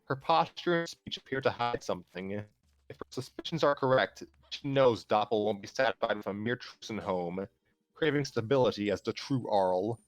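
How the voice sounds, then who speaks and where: A man calmly narrating a fan story aloud on a livestream, steady with small restarts. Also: on the low side, normal speed, dry recording, faint music behind. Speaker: storyteller host.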